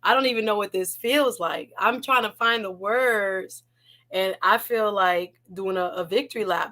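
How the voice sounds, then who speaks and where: A woman's voice: mid-range voice, a little slow, bright, forceful tone. A woman hosting a casual livestream, talking emotionally, laughing often and repeating her words. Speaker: livestream host.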